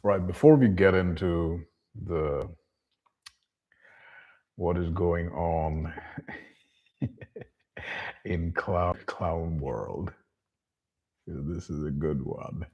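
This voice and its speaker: A man's voice: low voice, steady tone, extremely slow, pauses often, breathy edge, lo-fi sound. A man vlogging a monologue to camera, ranting bluntly and with profanity, and talking about himself in the third person.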